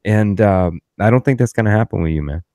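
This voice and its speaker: A man's voice: lowish voice, lively intonation, a little fast, mellow, dry recording, studio quality. A man hosting a podcast, telling stories in a loose, profane, ranting way. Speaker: podcast host. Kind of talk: casual podcast chat.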